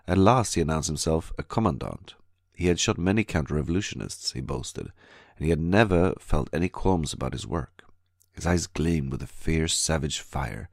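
A man with an extremely low, gravelly voice reads a diary as an audiobook. His delivery is measured and steady. The recording is dry and close, with no room sound. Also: no room sound. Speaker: audiobook narrator. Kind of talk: scripted narration.

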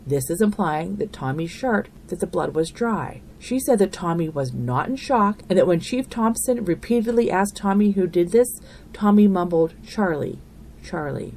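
A woman's voice: lowish voice, lively intonation, normal speed, darkish tone, a little hiss or hum. A woman hosting a true crime podcast, walking through a trial in an earnest, opinionated, conversational way. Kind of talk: narrated podcast commentary.

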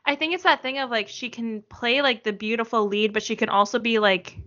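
A woman's voice: a little high, fairly quick, pushed and bright. A woman chatting casually, rambling with lots of filler words and frequent laughs. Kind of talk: casual chat. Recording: dull lo-fi sound.

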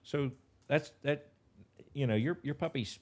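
A dog trainer from West Virginia with an Appalachian accent appears as a guest in a casual interview, talking in a folksy, rambling way with many restarts. His voice is fairly high-pitched and a little slow.

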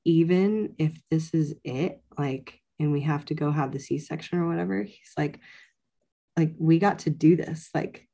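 A woman in her thirties, appearing as a podcast guest, casually tells her own birth story and quotes the people around her. She is conversational and uses "like" a lot. Her voice is low-pitched and dark in tone, her pace unhurried.

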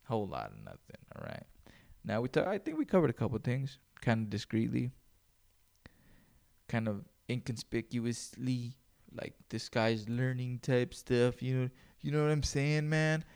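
A man's voice: medium pitch, very animated, normal speed, creaky, a little mellow. Male solo podcast host, casual, swears constantly, rambles. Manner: profane, rambling, loose.

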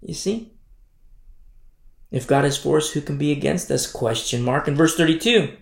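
A man's voice: fairly high pitch, fairly quick, creaky. A man preaching a sermon as pastor, pressing home his points with repeated rhetorical questions. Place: church hall. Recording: echoey church room.

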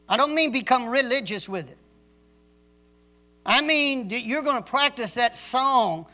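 In a church service, a male pastor preaches with stern emphasis, hammering key words like a drill sergeant. His voice is very high, bright and pushed, expressive yet unhurried.

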